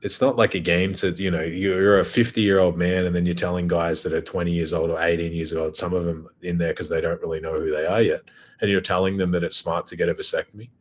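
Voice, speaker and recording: A man's voice: sits low, level tone, fast talker. A man hosting his own show, talking in a blunt, profane, casual monologue. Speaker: host.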